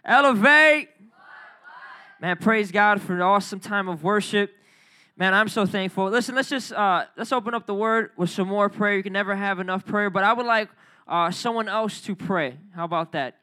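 Male youth pastor, bright high voice, energetic sermon with crowd call-outs. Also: fairly quick. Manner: energetic, calls for crowd responses. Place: church youth service.

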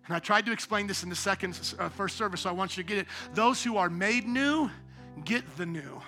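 High-voiced, bright-toned preacher shouting and hushing. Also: male voice, normal speed, slightly rough, faint music behind. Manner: swings from quiet intimate asides to loud shouted exhortation. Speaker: pastor. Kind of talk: sermon. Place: church sanctuary.

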